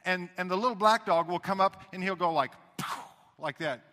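A man preaching a sermon as pastor, talking conversationally and swinging between loud emphasis and hushed asides. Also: high voice, fairly quick, long reverb tail.

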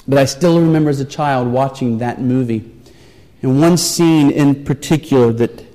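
A man preaching a sermon, telling a story with earnest, pleading warmth. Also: mid-range voice. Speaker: pastor. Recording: long reverb of a large hall.

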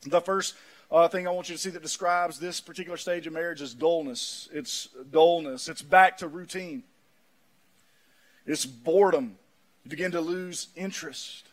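A man preaching a sermon in a folksy manner, swinging from shouts down to low, quiet lines. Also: fairly even intonation, moderate pace. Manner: folksy, says "man" often. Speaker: pastor.

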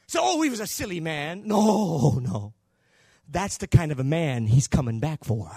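An older man preaching a Pentecostal sermon, telling a story and acting out the dialogue, going from hushed to shouting. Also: on the high side, no room sound, clean studio sound. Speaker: pastor.

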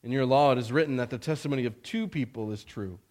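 A man with a natural, medium-pitched voice reads aloud the words of a calm, authoritative male teacher. His delivery is measured and plain, with a solemn mood.

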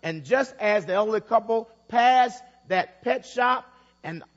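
A high-voiced male pastor preaches in a church, spinning a story and repeating phrases for emphasis. His voice rings through a big hall with a long echo, and the recording has a dull, muffled sound. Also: measured pace. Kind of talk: sermon.

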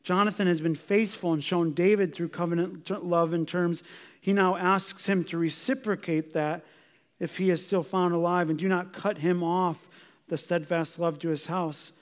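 A man with a high-pitched voice preaches an expository sermon, earnest and emphatic. He keeps turning to his listeners with rhetorical questions. His words ring out with a long reverb, as in a large hall. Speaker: pastor.

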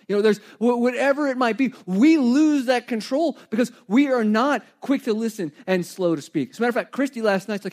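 A middle-aged man preaching a sermon in a conversational, animated way, with asides and light humor. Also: extremely high pitch, a little fast, few pauses. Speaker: pastor.

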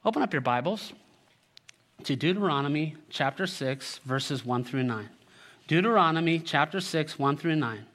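A male pastor preaching a sermon, animated and joking, with sarcastic asides, reading scripture aloud and leading the congregation. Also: a little high, moderate pace.

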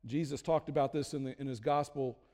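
This pastor talks fairly quickly in a mellow, medium-pitched voice that stays steady. He keeps the sermon conversational, poking fun at himself and restarting often, while a long hall reverb lingers.

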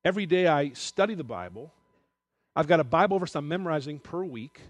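A man's voice: on the high side, very animated, brisk, no echo. A middle-aged man giving a sermon in a candid, conversational way, at times emotional. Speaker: preacher.

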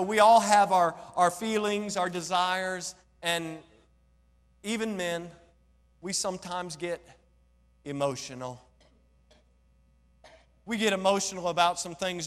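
A man preaching a sermon in a high voice, animated, joking and throwing rhetorical questions at the congregation. His voice rings with a long reverb, as in a church hall. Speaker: pastor.

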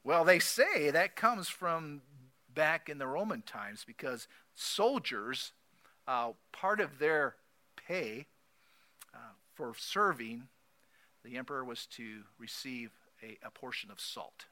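A man preaching a sermon, repeating key phrases emphatically and swinging between loud declarations and soft asides. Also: medium pitch, expressive, slow pace. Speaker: pastor.

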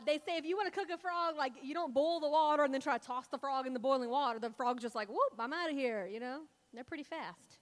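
Chatty high-voiced woman preaching. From Louisiana. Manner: chatty, storytelling, heavy with fillers. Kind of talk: casual Bible talk. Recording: long hall reverb.

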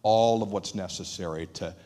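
A man preaching a sermon in an earnest manner, dropping to a hushed voice for emphasis and acting out quoted dialogue. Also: low voice, moderate pace. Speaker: pastor.

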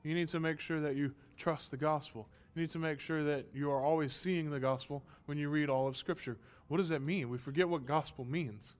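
A man's voice: fairly high pitch, steady tone, fairly quick, hardly any pauses. A man preaching a sermon as pastor, emphatic and impassioned, asking rhetorical questions, his throat a little strained.

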